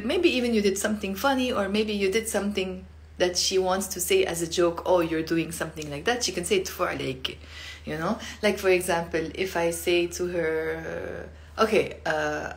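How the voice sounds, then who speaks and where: Playful Lebanese woman teaching sounds. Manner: playful, acts out each sound with big swings in pitch and loudness. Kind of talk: live online language lesson.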